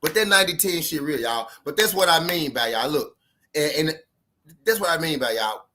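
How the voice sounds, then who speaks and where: Over a little hiss or hum, a man with a fairly high, sharp, expressive voice speaks at normal speed. He's a relationship-advice vlogger casually telling his viewers a relationship story, profane and repetitive, emphasizing every point in street talk.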